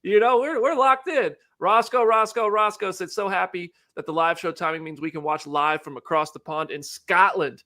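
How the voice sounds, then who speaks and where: A man hosting a live show, chatting casually and joking, rambling with quick restarts. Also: high-pitched, bright, forceful tone. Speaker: host.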